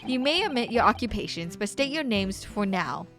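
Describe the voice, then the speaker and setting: Stern courtroom judge, formal and measured, voiced by a woman. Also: mid-range voice, big pitch swings, a bit bright, soft background music. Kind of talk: reading game dialogue aloud.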